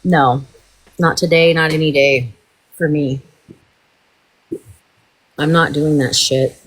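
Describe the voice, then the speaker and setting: A woman's voice: low-pitched, steady tone, slow pace. A woman hosting a livestream, in a heated, profane and rambling rant. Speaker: livestream host.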